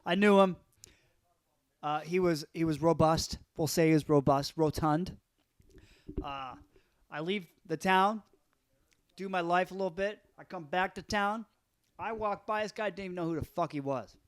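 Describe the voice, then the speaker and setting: A man's voice: high-pitched, normal speed, pauses often, smooth, no echo. A man co-hosting a podcast, telling loose, rambling stories with profanity and a slight cough. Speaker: podcast co-host. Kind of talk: casual chat.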